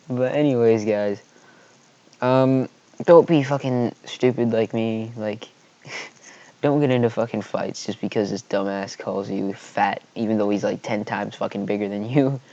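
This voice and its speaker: A man's voice: on the low side, a little slow, mellow, no echo, dull audio. A man telling a storytime vlog, rambling and swearing heatedly as he recounts a school fight. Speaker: vlogger.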